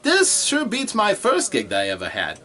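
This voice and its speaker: A man playing a boastful, lively bard comic. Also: high-pitched, normal speed, exaggerated voice. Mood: cheesy. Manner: jokey, laughs at own puns. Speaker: stand-up comedian. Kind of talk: in-character stand-up comedy.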